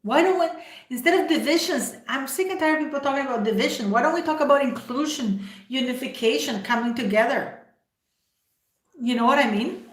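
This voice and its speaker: A woman's voice: high voice, a little fast. A woman hosting a livestream, giving opinionated commentary straight to her viewers and firing off rhetorical questions. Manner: emphatic, full of rhetorical questions. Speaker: livestream host. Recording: roomy echo.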